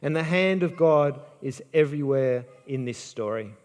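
A man's voice: on the high side, lively intonation, moderate pace, darkish tone, long reverb tail. A man preaching a sermon, retelling a Bible story with drama and acting out the quoted lines.

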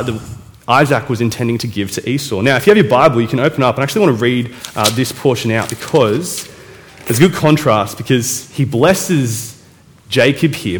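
A man preaching a casual sermon, retelling a Bible story in a chatty way and correcting himself as he goes. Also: mid-range voice. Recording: echoey hall reverb.

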